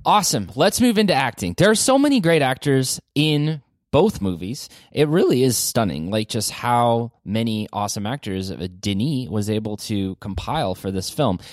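A man hosting a casual podcast chat about movies, animated, his pitch jumping up when he gets excited. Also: moderate pace, hardly any pauses, no echo, clean studio sound. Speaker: podcast host.

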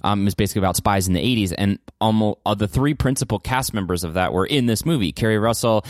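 A man's voice: fairly low pitch, fast talker, dry recording, studio quality. A man co-hosting a podcast, casually talking about a movie in a self-deprecating way that often trails off into mumbles. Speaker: podcast co-host. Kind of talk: casual film discussion.

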